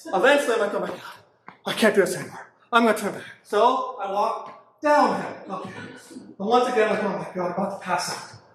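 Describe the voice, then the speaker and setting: Slow-talking comedian in echoey room. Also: male voice, sits high. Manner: animated, acts out his own panicked reactions. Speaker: stand-up comedian. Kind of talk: stand-up storytelling. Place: brewery comedy show.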